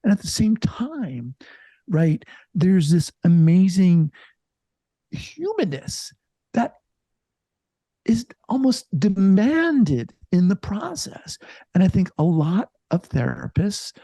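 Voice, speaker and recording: A middle-aged man, a psychologist, talking reflectively in an interview, halting and restarting as he thinks aloud. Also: high voice, no room sound. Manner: reflective, halting, many restarts, lively emphasis. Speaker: psychologist and podcast host, guest here. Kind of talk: casual interview conversation.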